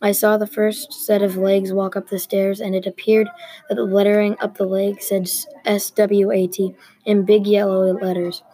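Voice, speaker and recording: A woman reads a story aloud in a mellow, slightly husky voice. She keeps an even, unhurried pace and stays nearly level in pitch, stumbling now and then and starting a word again. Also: no room sound, poor audio. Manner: even, unhurried reading with small restarts. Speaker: story reader.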